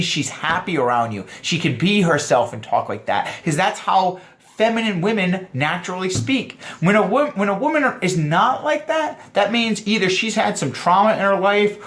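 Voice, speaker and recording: A man giving dating advice to other men, lively and explaining point by point, acting out quoted lines in funny voices. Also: high voice. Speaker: dating coach. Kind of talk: instructional vlog talk.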